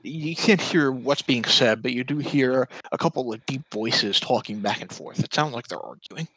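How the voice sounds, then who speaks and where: A man running a tabletop game as dungeon master, describing scenes in a relaxed way. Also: medium pitch, moderate pace, slightly rough, no room sound, rough recording.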